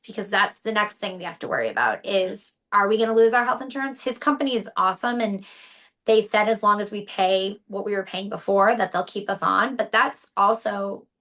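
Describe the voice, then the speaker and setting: Speaking at a moderate pace with a mid-range, sharp-toned voice, this thirties-aged woman opens up in an interview about her partner's stroke. Her account is candid and emotional, occasionally tearful, with many false starts.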